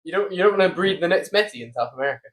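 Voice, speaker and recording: A young man co-hosting a casual podcast, agreeable and joking, often answering with a quick yeah. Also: high voice, animated. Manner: agreeable, many short yeahs, joking. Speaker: podcast co-host. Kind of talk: casual chat.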